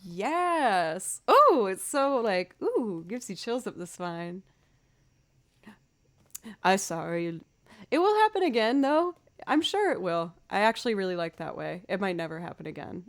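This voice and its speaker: A woman streaming music in casual live-stream chat with her viewers. She rambles in a chatty, self-deprecating way, and her voice sits at an everyday middle pitch.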